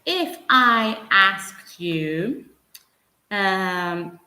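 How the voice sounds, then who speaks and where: A woman's voice: mid-range voice, animated, slow, pauses often, a bit bright. A woman teaching English in a live online lesson, patient and encouraging, answering viewers by name. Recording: roomy echo.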